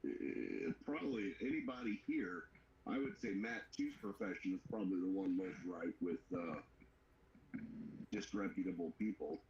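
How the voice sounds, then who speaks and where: A man's voice: deep voice, normal speed, crowd noise. A man co-hosting a casual live chat, talking in a rambling, stop-start way. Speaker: co-host. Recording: dull roomy livestream audio with faint noise.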